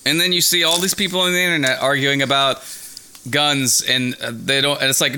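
A man's voice: mid-range voice, steady tone, fairly quick, bright, forceful tone, clean tone. A man in a casual chat, making dry, sarcastic jokes.

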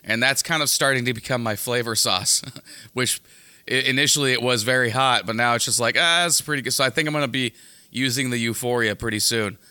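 A man's voice: mid-range voice, steady tone, fairly quick, pushed and bright, clear, resonant tone. A man co-hosting a podcast in casual comedic banter, rambling and cutting himself off on jokey tangents. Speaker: podcast co-host.

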